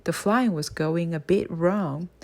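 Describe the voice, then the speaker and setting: A woman reading aloud as Father Christmas, gentle and patient as she explains. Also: on the low side, slow pace, pitched below the performer's own voice. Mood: earnest. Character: kindly earnest Father Christmas, old man. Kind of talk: audiobook character voice.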